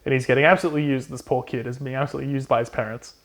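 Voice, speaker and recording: A young man co-hosting a casual book recap, swearing freely and quickly acting out the characters in put-on voices. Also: medium pitch, steady tone, fairly bright tone. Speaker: podcast co-host.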